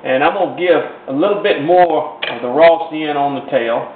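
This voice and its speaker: A man's voice: a little high, normal speed, few pauses. A man teaching a painting technique step by step in a folksy, rambling way, often repeating himself. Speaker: painting instructor. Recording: roomy, tinny lo-fi with faint hiss.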